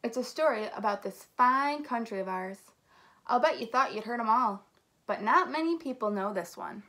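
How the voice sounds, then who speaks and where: A cheerful storybook guide chats straight to the listener, as a woman reading aloud puts him on. The voice sits a touch high and stays friendly and easygoing. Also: lively intonation, moderate pace, pushed and bright. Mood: chatty.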